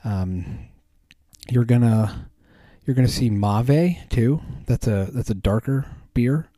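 A man's voice: mid-range voice, slow pace, mellow, dry recording. A man hosting a podcast, chatting casually in a rambling way with many ums and restarts. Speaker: podcast host. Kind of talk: casual chat.

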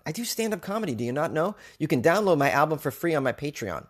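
A man's voice: a little high, very animated, fast. Rambling, joking male podcast host. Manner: loose, joking, rambling with many fillers. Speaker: podcast host and stand-up comic. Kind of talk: casual solo podcast chat.

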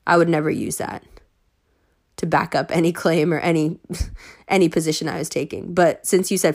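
A woman ranting to her followers, heated and sarcastic, swearing freely and at times rising almost to shouting. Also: low voice, fairly even intonation, normal speed, vocal fry, long pauses, husky. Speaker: online commentator.

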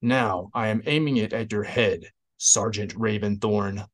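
A man voicing a petty, self-important male Imperial interrogator, slow and menacing. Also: fairly low pitch.

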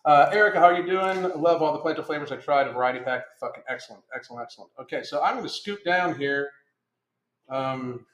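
A man's voice: a little high, quick pace, a bit bright. A middle-aged man hosting a casual podcast livestream, blunt and profane, rambling as he reads chat comments. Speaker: podcast host reading live chat. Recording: roomy echo.

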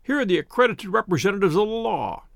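A man voicing a calm, precise male detective who speaks quietly and dryly. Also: high voice, fast, creaky, dry recording, studio quality, heavily acted.

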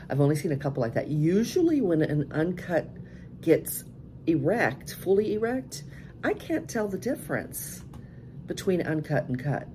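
A woman's voice: on the low side, sing-song, a little slow, mellow, slight background noise. A middle-aged woman hosting a live-stream podcast, chatting frankly and laughing often as she answers viewers. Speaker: cam show podcast host. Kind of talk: casual live-stream chat reading viewer messages.

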